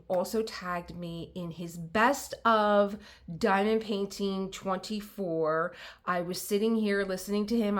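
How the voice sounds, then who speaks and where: Woman, middle-aged, casual crafting chat, rambling, fillers, self-interrupting, laughs often. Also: medium pitch. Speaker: diamond painting vlogger.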